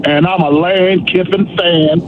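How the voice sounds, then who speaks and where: A man calling in to a radio show, chatting casually in slangy, animated bursts and laughing between points. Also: high voice, a little slow. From Atlanta area. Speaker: caller. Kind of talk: casual call-in chat. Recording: muffled call-in line with background noise.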